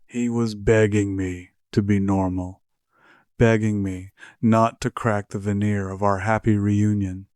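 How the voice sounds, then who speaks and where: A man narrating a scripted horror story in measured, steady storytelling. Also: on the low side, dry recording, clean studio sound.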